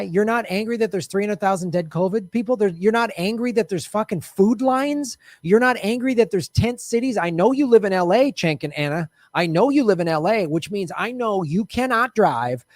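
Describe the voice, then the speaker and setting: A man's voice: high voice, lively intonation, a little fast, hardly any pauses, no room sound, clean studio sound. A man ranting about politics with a raised, frustrated voice and a sarcastic edge. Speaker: political commentator. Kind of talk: ranting monologue.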